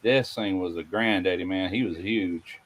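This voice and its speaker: Low-voiced man spinning yarns. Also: moderate pace, fairly bright tone, rough recording. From Mississippi. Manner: rambling anecdotes with fillers like "anyway" and "you know". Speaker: podcast host. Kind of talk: casual storytelling chat.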